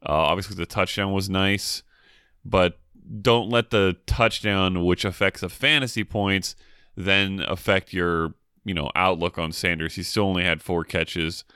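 A man co-hosting a podcast, giving quick, animated opinions in casual sports chat. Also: low voice, smooth, no echo, studio quality. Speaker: podcast co-host.

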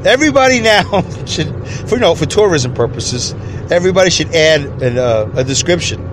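A man's voice: on the high side, big pitch swings, normal speed, background noise. An American man hosting a podcast alone in his car, rambling and joking with frequent chuckles. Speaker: podcast host. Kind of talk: solo comedic monologue podcast.

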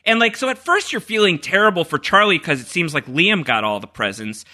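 A man hosts a podcast in loose, casual chat, circling his points with plenty of fillers and false starts. His voice is strikingly bright and moves up and down freely as he talks. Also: high-pitched, expressive, a little fast. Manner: rambling, full of fillers and restarts. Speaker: podcast host.

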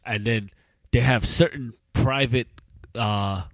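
A man's voice: mid-range voice, takes it slowly, no room sound. A man co-hosting a podcast, talking in casual chat with profane, laid-back street slang. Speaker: podcast co-host.

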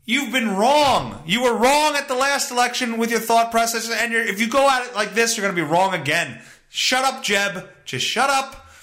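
A man's voice: very high-pitched, a little fast, hardly any pauses, a bit bright. A man hosting a solo podcast, ranting in a sarcastic, profane way. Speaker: podcast host. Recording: roomy echo.

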